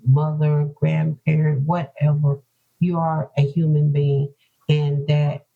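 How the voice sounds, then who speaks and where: A woman's voice: low-pitched, vocal fry, mellow, husky. A woman author from North Carolina talking earnestly about her own hard journey in an interview, often repeating herself for emphasis. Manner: earnest, repetitive, heartfelt. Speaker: author guest. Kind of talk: emotional personal interview talk. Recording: dull lo-fi podcast audio.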